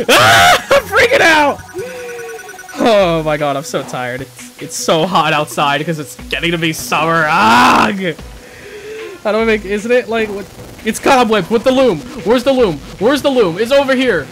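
A man talks through his gameplay in a fairly high voice that swings up and down a lot. He is excitable and flustered, mocks himself, and chats to his viewers like mates. Game music plays steadily behind him. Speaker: gaming channel host. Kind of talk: casual gameplay commentary.

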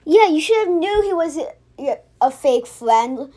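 A woman's voice: sits high, animated, a little slow, dark tone. A young woman giving casual, mocking commentary on a cartoon episode, often stopping and restarting. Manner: chatty, restarts a lot, mocking. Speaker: reaction video host.

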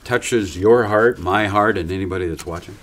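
A man interviewing a guest, gently prompting her to share a story. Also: fairly low pitch, normal speed, slight background noise.

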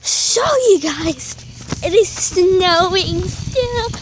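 Excited young woman vlogging outdoors. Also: very high-pitched, extremely slow. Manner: excited, chatty, lots of "y'all" and "like". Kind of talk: casual outdoor vlog. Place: outdoors in falling snow. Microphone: handheld phone camera. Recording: noisy outdoor phone recording.

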